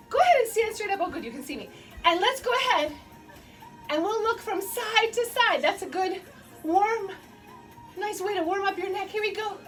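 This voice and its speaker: In her home basement, a woman with a very high-pitched, somewhat bright voice teaches kids a guided dance storytime. She's playful and encouraging throughout, laughing often and making animal noises.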